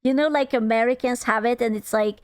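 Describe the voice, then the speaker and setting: A woman's voice: on the high side, a little fast, smooth, no room sound, clean studio sound. A woman streamer giving casual reaction commentary, sarcastic and mocking, swearing freely. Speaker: VTuber streamer reacting to a video.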